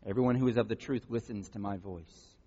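A man reading the words of a calm prisoner on trial, quietly and slowly. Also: husky. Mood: solemn. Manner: quiet, low, measured. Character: calm, solemn male teacher on trial. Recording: dull recording in large echoing hall.

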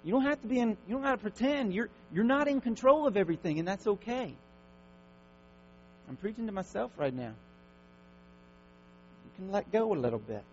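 A man preaching a sermon, swinging from loud, fervent declaring to hushed, gentle reassurance. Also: sits high. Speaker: pastor. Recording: dull lo-fi recording with faint mains hum.

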